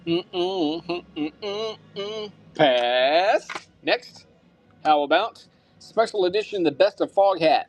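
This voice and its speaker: A man's voice: sits high, lively intonation, slow, soft background music. A man hosting a live-stream auction, upbeat and thanking buyers by name, sometimes muttering to himself as he handles items.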